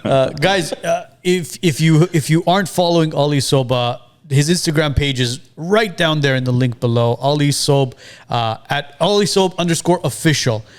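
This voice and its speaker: A man's voice: on the high side, moderate pace. A man hosting a podcast, chatty and talking straight to his listeners. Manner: chatty, direct address to listeners. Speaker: podcast host. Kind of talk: casual podcast conversation.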